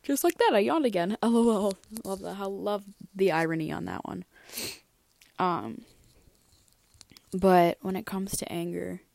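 A woman's voice: mid-range voice, unhurried, vocal fry, pauses often, darkish tone, no echo. A tired young woman hosting a casual personal podcast, chatty and rambling with lots of fillers and restarts. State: tired, yawning. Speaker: podcast host.

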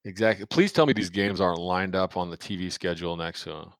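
Deep-voiced man chatting sports picks. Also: fast, a bit bright, no room sound. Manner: joking, rambling, trails off with fillers. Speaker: podcast co-host. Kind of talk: casual sports betting chat.

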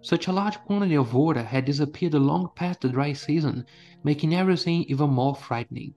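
A man reading a first-person adventure story in a steady storytelling manner. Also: on the high side, a little fast, soft background music. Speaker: narrator. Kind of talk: scripted story narration.

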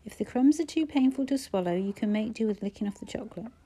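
A woman voicing a gentle, teasing schoolteacher man. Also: a little high, expressive, fast, slightly rough.

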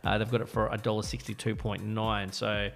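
A man's voice: lowish voice, flat delivery, a little fast, gravelly. A man co-hosting a radio show, chatty, laughing often and stumbling over words. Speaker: radio co-host. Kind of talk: casual radio banter.

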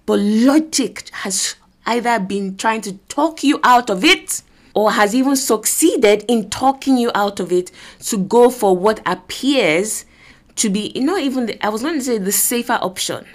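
A woman's voice: on the high side, animated, normal speed. A woman with a Nigerian accent preaching an earnest sermon, exhorting listeners and acting out voices from scripture. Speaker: preacher and podcast host.

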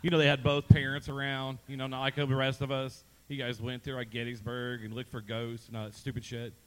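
A man's voice: mid-range voice, monotone, a little fast, slight background noise. A man co-hosting a live comedy podcast on stage, reading out the game questions with dry ribbing jokes. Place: live stage before an audience. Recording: long hall reverb.

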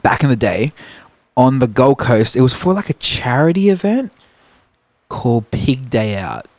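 A man's voice: mid-range voice, sing-song, a little slow, darkish tone, no echo. A man hosting a podcast, easygoing and laughing along with his guest. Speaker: podcast host. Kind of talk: casual interview chat.

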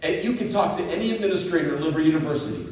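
A man in his fifties preaching a sermon as pastor, telling jokes on himself in a lively, swooping voice. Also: racing. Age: 50s. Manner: lively, self-deprecating storytelling with swooping pitch. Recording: echoey hall picked up from a distance.

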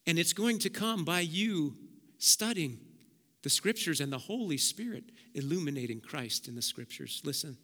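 A male pastor preaching a sermon, swinging between hushed low passages and loud emphatic bursts. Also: lively intonation, moderate pace. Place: church sanctuary. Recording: long church hall reverb.

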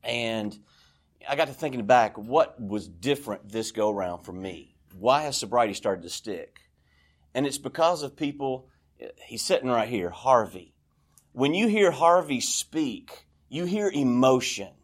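A man's voice: mid-range voice, lively intonation, a little slow. A man speaking candidly and at length as the speaker at a recovery meeting in a church, rambling and confessional. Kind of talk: personal share at a recovery meeting.

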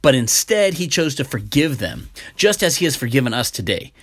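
Male preacher, mid-pitched, unhurried sermon delivery with scripture reading. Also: big pitch swings, breathy edge. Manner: slow, measured, with fillers and restarts.

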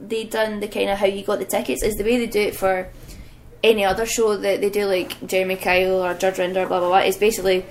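A woman's voice: mid-range voice, quick pace, slight background noise. A young adult woman, a professional wrestler guest on a podcast, telling stories casually and acting out what people said, often laughing. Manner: animated, acts out quotes in other voices, laughs often. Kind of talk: casual storytelling chat.

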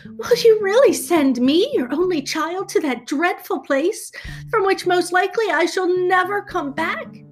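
A woman voicing a frightened young princess from a storybook, high and pleading. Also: expressive, unhurried, faint music behind.

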